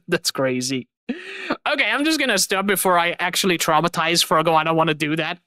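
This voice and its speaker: A woman streamer closes out her live stream in a casual, effusive way, circling back to the same thanks again and again. Her voice sits slightly low but sounds bright and forceful. The sound is dry, with no room echo. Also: lively intonation, brisk. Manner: effusive, rambling, repeats herself. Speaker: streamer and host.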